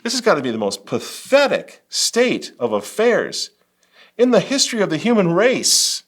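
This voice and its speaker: A man's voice: high-pitched, wildly swooping pitch, normal speed. A man hosting a religious political commentary, talking emphatically with biting sarcasm and wry laughs. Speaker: host.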